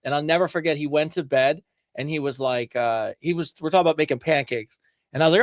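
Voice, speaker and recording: Higher-voiced man reading listener letters. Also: dry recording, studio quality. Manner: relaxed, reads letters slowly, tells stories with playful voices. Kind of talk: casual chat.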